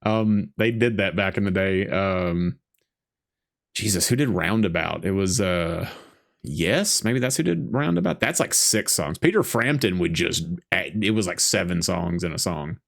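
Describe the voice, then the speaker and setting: A man's voice: low-pitched, expressive, unhurried, vocal fry, fairly bright tone. A man co-hosting a podcast, chatting casually while watching a movie and telling rambling jokes and stories. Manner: rambling, joking storyteller. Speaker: podcast co-host.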